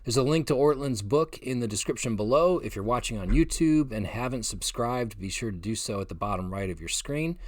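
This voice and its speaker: A man preaching a short devotional message as a pastor, earnest and gentle, with emphatic pauses. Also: lowish voice, dry recording. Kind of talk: short devotional sermon video.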